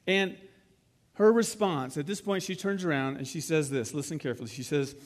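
A man's voice: a little high, fairly quick, big-room sound. A man preaching a sermon in a conversational way, retelling a scene and asking the listeners rhetorical questions. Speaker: pastor.

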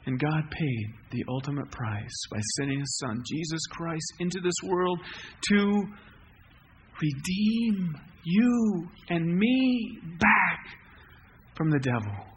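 A man preaching a sermon in an emphatic way, rising to loud peaks then dropping quiet. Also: medium pitch, slight background noise.

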